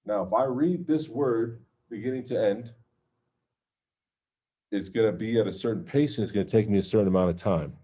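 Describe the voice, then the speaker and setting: A man with a low, mellow voice leads an informal religious class. He talks in a loose, conversational way and keeps checking in with his listeners, asking "okay?" and "right?" as he explains. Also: normal speed. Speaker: Islamic teacher.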